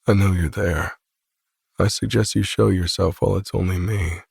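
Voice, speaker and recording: A narrator voicing a calm, amused young male hockey player with a deep, gravelly voice and a relaxed, inviting way of talking. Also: normal speed, no echo, clean studio sound, full character voice. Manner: relaxed, inviting, quietly teasing. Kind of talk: audiobook character voice.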